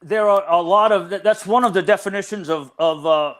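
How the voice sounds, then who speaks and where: Older man, high for a man, interview guest, thoughtful explainer, restarts mid-sentence. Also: a little fast, a bit bright. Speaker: cryptozoology researcher guest.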